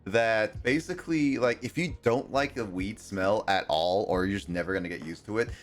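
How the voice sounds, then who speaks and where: A young man in his twenties chatting casually as a co-host, halting, with many ums and restarts. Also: on the low side. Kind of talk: casual chat.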